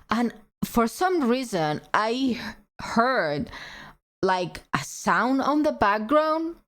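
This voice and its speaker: A female streamer with a mid-range voice tells a story to her live chat in a relaxed, unhurried way, laughing often and mixing Japanese words into her English. She sounds close to a desk mic.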